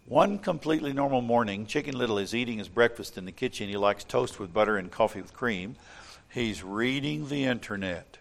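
A man reading a children's story aloud in an animated way, then speaking earnestly about faith and leading a prayer. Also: medium pitch, creaky. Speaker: storyteller and preacher.

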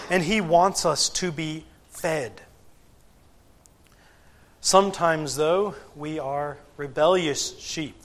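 A man preaching a sermon to a gathered congregation, deliberate and emphatic, with frequent pauses and rhetorical questions. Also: fairly high pitch. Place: church gathering.

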